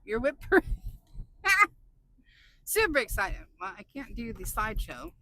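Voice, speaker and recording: A woman vlogger chatting excitably while driving her car, laughing often. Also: fairly high pitch, unhurried, slight background noise, rough recording. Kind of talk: casual chat while driving.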